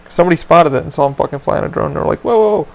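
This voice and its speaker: Telling a story on his podcast, the male host swears constantly and drifts along in a laid-back, rambling chat. His gravelly voice runs on the high side, very fast, with fairly even intonation, and the audio is poor.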